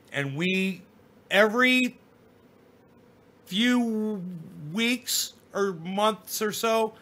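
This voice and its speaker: A man's voice: fairly high pitch, sharp tone. A man rambling through a personal story in casual, profane talk, often repeating and restarting as he remembers. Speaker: vlogger telling a personal story.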